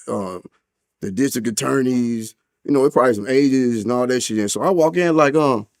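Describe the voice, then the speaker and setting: This man from St. Louis, USA, has a medium-pitched, brisk, slightly mellow voice and a St. Louis accent. Appearing as an interview guest, he tells a story packed with street slang and heavy cursing, raising his voice whenever he acts out what people said.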